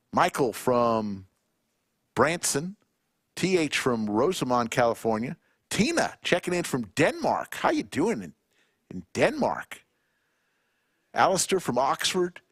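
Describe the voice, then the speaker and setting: A man hosting a live poker stream in a poker room, chatting casually and reading out viewer shout-outs one by one. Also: medium pitch, no room sound, clean studio sound. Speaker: poker livestream commentator.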